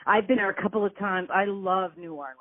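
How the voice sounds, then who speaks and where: A woman's voice: mid-range voice, quick pace, no echo. An American woman hosting an interview, chatting eagerly and gushing with lots of fillers. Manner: enthusiastic, gushing, many fillers. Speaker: podcast host. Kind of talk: casual interview chat. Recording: phone-like narrow audio.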